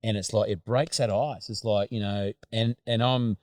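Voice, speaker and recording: A man's voice: lowish voice, steady tone, normal speed, a little mellow, no room sound, clean studio sound. An Australian man hosting a casual chat, rambling and hesitant, with many fillers.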